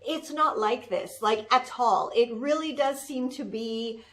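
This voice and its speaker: A high, chirpy valley-girl voice , put on by a woman, belonging to a bubbly, trend-obsessed young social media manager. She drawls unhurriedly and scatters "like" and "totally" everywhere. It's a comedic character monologue. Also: unhurried, fairly bright tone. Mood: indignant.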